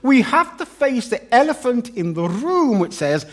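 Male preacher, high voice with a wide, sweeping pitch range; animated sermon with humorous touches. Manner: animated, dramatic emphasis and pauses, humorous asides.

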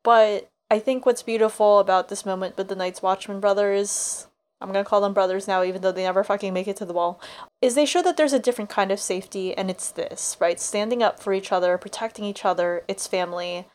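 A young woman talking through a book chapter on a podcast, animated and chatty. Her voice sits at an ordinary middle pitch. She swears casually and jumps into quick asides. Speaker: podcast co-host.

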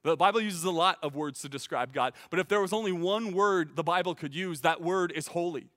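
A man preaching a sermon as teaching pastor, earnest and emphatic, often repeating words as he starts a phrase and rising to loud peaks. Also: a little high, a little fast, long reverb tail.

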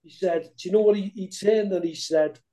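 A man's voice: high voice, brisk, mellow. A man co-hosting a podcast who rambles through his memories in casual chat. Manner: rambling reminiscence. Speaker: podcast co-host.

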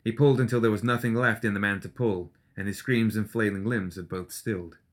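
A man giving steady, scripted narration of a dark fantasy audiobook. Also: fairly low pitch, brisk.

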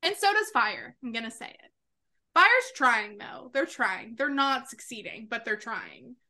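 A woman co-hosting a podcast, adding quick joking asides in casual chat about a TV show. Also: a little high, expressive, bright, forceful tone. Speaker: podcast co-host.

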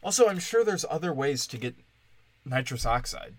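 A man's voice: medium pitch, sing-song, moderate pace, dry recording. A man from Wisconsin hosting a solo comedic rant, profane and sarcastic, swinging between mocking asides and exasperated outbursts.

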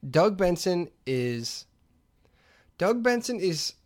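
A man on a casual comedy podcast, ranting with animated energy. His voice sits a little high for a man, and he keeps slipping into mocking impressions. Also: slow. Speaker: podcast co-host.

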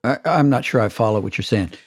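A man co-hosting a podcast, animated and quick to agree, speaking about the people he counsels. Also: mid-range voice, no room sound, clean studio sound. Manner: animated, with rapid back-channel agreement. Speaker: podcast co-host. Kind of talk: conversational interview.

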